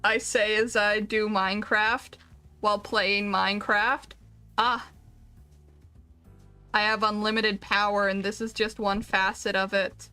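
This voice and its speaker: A woman's voice: medium pitch, little pitch movement, a little slow, pushed and bright, smooth, faint music behind. A woman streamer chatting casually while gaming, rambling and making self-deprecating jokes.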